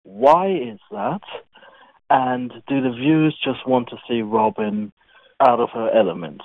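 A man's voice: mid-range voice, measured pace, dry recording. A man calling in to the show with a playful, teasing question and leaving it as a voicemail. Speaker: caller. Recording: tinny phone line.

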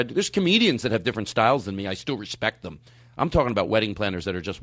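A man hosting a podcast, telling stories in casual, animated, profane comedic chat. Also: fairly low pitch, fast talker, slightly rough, dry recording. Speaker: podcast host.

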